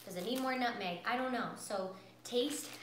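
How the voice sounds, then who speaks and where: A woman's voice: on the high side, moderate pace, background noise. Bubbly woman teaching in an echoey kitchen. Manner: bubbly, chatty, talks straight to viewers. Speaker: cooking instructor. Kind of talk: live cooking class. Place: home kitchen.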